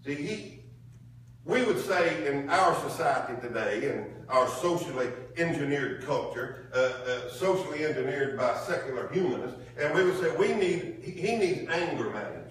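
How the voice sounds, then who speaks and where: A man's voice: fairly high pitch, animated, normal speed. A man preaching a sermon in a folksy, colloquial way, drawing call-and-response from the congregation. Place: church sanctuary. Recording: echoey room from far off.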